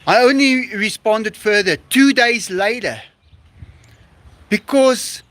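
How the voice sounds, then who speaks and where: A man's voice: high voice, slow pace, pauses often, fairly bright tone. A man hosting a casual live stream outdoors on a rooftop, effusive and laughing often as he reads out donations.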